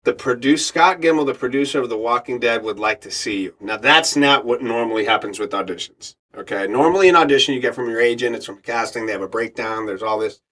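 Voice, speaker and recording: Medium in pitch, he talks fast with few pauses. He's a middle-aged actor and radio host appearing as a podcast guest, an animated storyteller who performs the voices of the people he quotes and laughs frequently.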